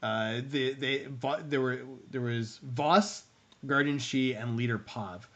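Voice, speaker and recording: A man's voice: mid-range voice, slow. A man co-hosting a casual review show, talking in long rambling stretches with many restarts. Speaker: podcast co-host running the stream.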